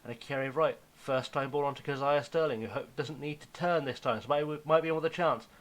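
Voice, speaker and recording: A young man giving casual, self-mocking commentary on his football management game, now and then dropping to a hushed aside. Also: medium pitch, a little fast, poor audio. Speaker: gaming YouTuber.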